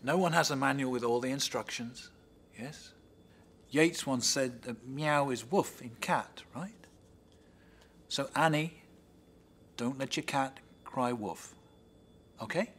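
An actor playing an earnest, quirky man who leads a support group with gentle encouragement. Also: mid-range voice, slow pace, long pauses, breathy edge, exaggerated voice. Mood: encouraging.

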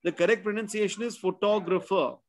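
A spelling bee tutor with an Indian English accent teaches pronunciation in an online class, his high voice a little fast. He explains, drills words through repetition, and checks in with "right?" after his points.

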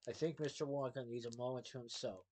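A man reading a storybook voices a sensible bookkeeper friend who speaks low and gently. The voice is soft and calm and sits at a middle pitch. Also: fast talker, natural voice. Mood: gentle.

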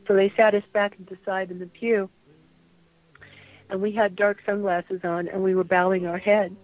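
A woman's voice: medium pitch, little pitch movement, moderate pace, no room sound. An older woman, a guest on a radio interview, remembering aloud in a reflective way, repeating phrases and trailing off. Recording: dry tinny phone line.

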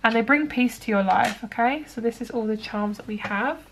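A woman's voice: fairly high pitch, a little fast, fairly bright tone, slight background noise. A young woman chatting casually through a tarot reading, rambling with lots of fillers. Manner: chatty, rambling, many likes and ums. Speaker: tarot card reader.

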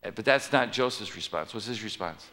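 Preaching in a church sanctuary, this male pastor is animated and brisk, his low-side voice carrying a sharp tone. He tells the story conversationally and poses questions to his audience, all under long hall reverb.

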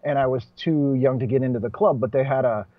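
A man's voice: medium pitch, quick pace, dry recording. Chatty comedian man, dull dry audio. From Boston, USA. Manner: chatty, self-correcting, laughs between points. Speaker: stand-up comedian guest. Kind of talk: casual conversational interview. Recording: dull, muffled podcast audio.

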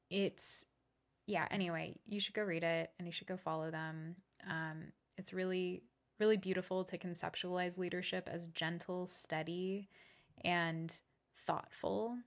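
A woman speaking on her own podcast in a low, fairly even voice that rarely rises or falls much. She muses earnestly, stopping and restarting with fillers and now and then dropping a swear word. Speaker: podcast host. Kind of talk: reflective solo podcast monologue.

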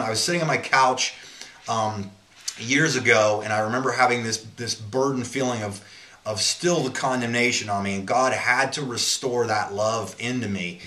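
Man, mid-pitched, informal Bible teacher, earnest and rambling, recorded in an echoey room. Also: sharp tone. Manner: earnest, rambling, often restarts sentences.

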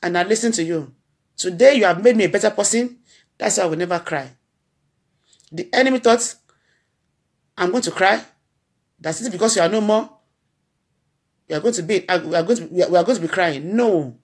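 A woman's voice: on the low side, fairly quick, pauses often, husky. A grieving woman with a Nigerian accent gives an earnest spoken tribute. She repeats her phrases with a preacher-like cadence. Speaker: blogger addressing her followers.

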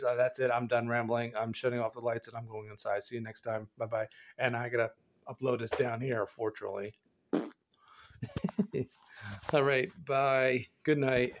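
A man rambling in a casual, goofy vlog from an indoor showroom, laughing often and jumping from quiet mutters to loud high shouts. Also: slight background noise. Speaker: vlogger. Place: indoor showroom with a concrete floor.

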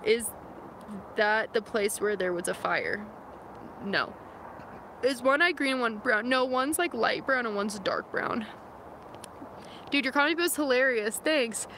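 This vlogger, a young woman from San Francisco, reads her live chat aloud while streaming from the wilderness through a phone camera. She speaks on the high side, animated but a little slow, pausing often. Faint outdoor sounds can be heard.

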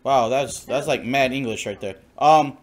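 A man's voice: mid-range voice, moderate pace. A man streaming a game in casual chat, mumbling and easily distracted.

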